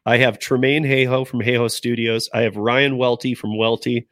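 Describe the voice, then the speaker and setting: A man's voice: mid-range voice, level tone, moderate pace, fairly bright tone, no echo. Middle-aged man, guest on a chatty podcast; rambly, restarts a lot, dry recording. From Denver area. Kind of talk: casual podcast chat.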